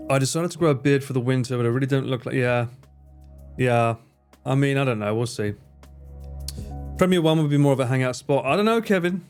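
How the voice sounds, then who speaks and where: A man chatting casually on his livestream, rambling, joking and swearing freely with quick asides. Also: mid-range voice, a little mellow. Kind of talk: casual chat reading stream chat.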